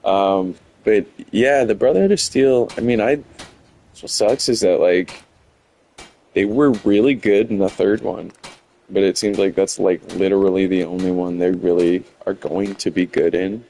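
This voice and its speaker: A man's voice: deep voice, moderate pace, mellow, low-quality recording. A man streaming a game, chatting loosely with lots of fillers and rambling asides. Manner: rambling, many fillers, chuckling. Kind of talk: casual gameplay commentary.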